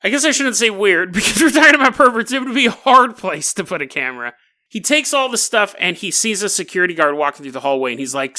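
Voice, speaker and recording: A man hosting a podcast, telling a story comically in an animated, jokey way and laughing mid-sentence. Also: high voice, fast talker. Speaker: podcast host. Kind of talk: comedic storytelling.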